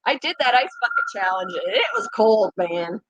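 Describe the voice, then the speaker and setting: A woman's voice: mid-range voice, lively intonation, normal speed, fairly bright tone, no echo, poor audio. A middle-aged woman hosting her own channel, chatting casually with viewers, self-mocking and laughing often. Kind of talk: casual chat.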